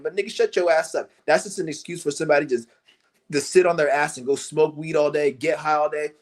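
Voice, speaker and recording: Angry, profane man ranting, pitched high. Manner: angry, cursing, mocking; breaks into high mocking impressions of others. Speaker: livestream host. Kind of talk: profane rant to camera.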